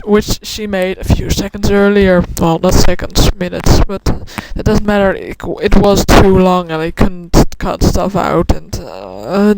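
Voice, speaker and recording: A woman's voice: mid-range voice, very noisy. A woman who is a native Dutch speaker and has a cold rambles casually, trying out a Scottish accent and correcting herself often. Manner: rambling, self-correcting, many fillers. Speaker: club member vlogger.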